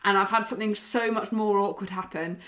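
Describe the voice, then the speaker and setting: A young woman co-hosting a podcast, chatting casually and telling stories with lively swearing. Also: medium pitch, fairly quick. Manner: chatty, swears freely, animated storytelling. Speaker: podcast co-host. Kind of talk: casual chat.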